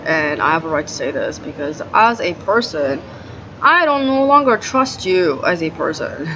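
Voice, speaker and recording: Woman venting in a lo-fi diary. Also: sits low. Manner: profane, aggrieved venting, heavy use of "like". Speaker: video diarist. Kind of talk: ranting video diary. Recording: dull lo-fi audio with noisy background.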